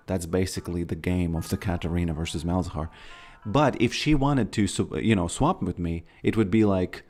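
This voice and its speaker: Low, gravelly male game streamer. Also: normal speed, few pauses, darkish tone, soft background music. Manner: rambling, stammers and repeats words. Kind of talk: casual gameplay commentary.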